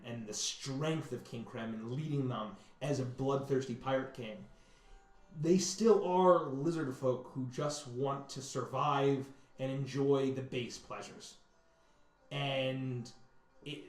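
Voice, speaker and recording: A man narrating a tabletop game as game master, halting and repeating words as he describes scenes. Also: mid-range voice. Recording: echoey room.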